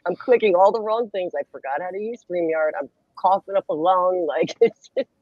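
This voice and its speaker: A woman's voice: lowish voice, a little fast, dry recording, lo-fi sound. A woman hosting a casual video-call chat stream, laughing often and joking at her own expense. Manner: laughing often, self-deprecating. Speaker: host.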